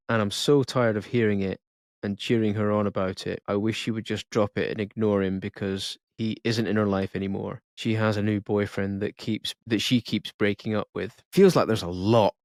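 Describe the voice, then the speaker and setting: A man's voice: fairly low pitch, fairly even intonation, moderate pace, darkish tone, dry recording, clean studio sound. A man co-hosting a podcast, reading a listener's confession aloud with small stumbles and self-corrections. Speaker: podcast co-host.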